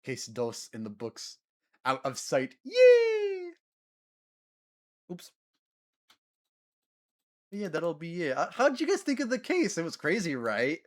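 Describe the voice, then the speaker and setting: Giggly animated male streamer. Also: on the high side, unhurried, pauses often. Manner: giggly, animated, chatting with viewers. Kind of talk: casual gaming stream chat.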